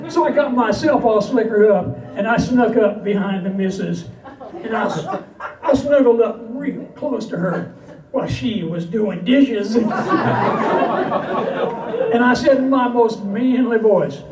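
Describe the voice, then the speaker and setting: High-voiced man reciting cowboy poetry. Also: unhurried, crowd noise. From Southern California. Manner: folksy, rhyming, dry comic delivery. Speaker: cowboy poet. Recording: echoey, distant, noisy live recording.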